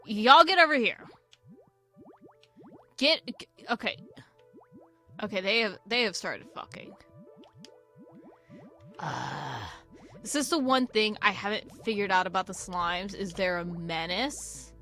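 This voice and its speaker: A woman's voice: mid-range voice, sing-song, takes it slowly, pauses often, sharp tone. Chatty, sweary woman gaming streamer. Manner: rambling, sweary, self-mocking asides. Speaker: gaming channel host. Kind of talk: casual let's-play commentary. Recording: faint game music behind.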